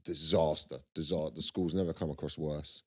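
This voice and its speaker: A man's voice: very deep voice, steady tone, a little fast, darkish tone, breathy edge. Laughing man telling rowdy stories. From South London. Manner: rambling, laughing at his own stories. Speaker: co-host. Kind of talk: casual comedic chat.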